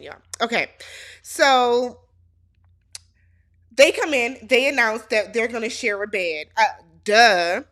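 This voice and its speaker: A woman's voice: fairly high pitch, slow pace, pauses often, fairly bright tone. A woman hosting a casual reality show recap, sassy and speaking straight to the cast as if they could hear her.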